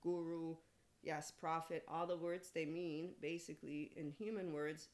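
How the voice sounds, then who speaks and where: Woman in her 40s, podcast host ranting about spirituality, animated, lots of laughing and swearing. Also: sits low, moderate pace. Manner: animated, laughing often, profane asides. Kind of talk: rambling spiritual monologue.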